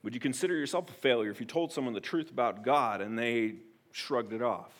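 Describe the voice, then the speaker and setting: Man, pastor, sermon, middle pitch, earnest, direct, hushed appeals and loud emphatic peaks, church sanctuary. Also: a little fast. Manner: swings between hushed, intimate appeals and loud, emphatic declarations; earnest and direct, addressing the congregation personally.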